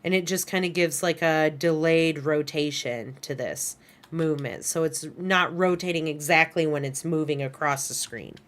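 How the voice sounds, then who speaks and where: Low-voiced woman teaching a software class. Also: normal speed. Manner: casual, self-correcting, lots of "right?" and "kind of". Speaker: animation instructor. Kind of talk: recorded class lecture. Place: screen-share lesson at a computer. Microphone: headset or desk mic she adjusts.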